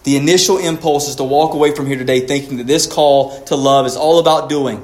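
Pastor guy preaching, kinda high voice, big emphatic swings then goes quiet, echoey church. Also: fast, few pauses. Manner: preaching with rising emphatic peaks and quiet drops. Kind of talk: sermon.

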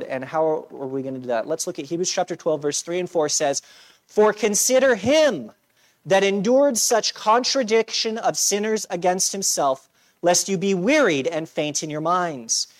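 A man's voice: sits high, lively intonation, normal speed. Man pastor, casual conversational sermon delivery with self-deprecating humor. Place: church.

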